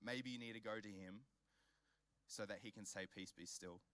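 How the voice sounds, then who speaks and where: A man's voice: on the low side, fairly even intonation, normal speed, a bit bright. A young man with an Australian accent preaching a conversational, earnest youth sermon, often repeating words as he builds his point. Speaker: youth pastor.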